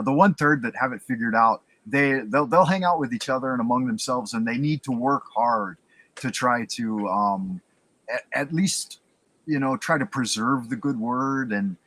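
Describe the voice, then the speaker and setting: Relaxed male host, opinionated and quick to joke, middle-pitched. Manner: easygoing, opinionated, joking. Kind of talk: casual podcast conversation.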